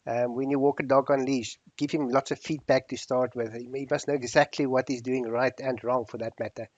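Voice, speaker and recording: A man hosting a casual chat about dogs, easygoing and quick to laugh. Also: medium pitch, flat delivery, no echo, lo-fi sound. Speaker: host.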